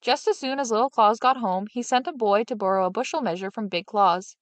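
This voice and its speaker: Woman storyteller, fairy tale read-aloud, dry close sound, steady. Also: a little high, a little fast, dry recording. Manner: steady, expressive narration.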